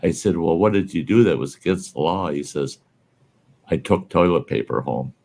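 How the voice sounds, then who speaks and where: Deep gravelly man telling folksy stories. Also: moderate pace, a little mellow. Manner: folksy anecdote teller, laughs at his own stories. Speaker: podcast host. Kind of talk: casual storytelling chat.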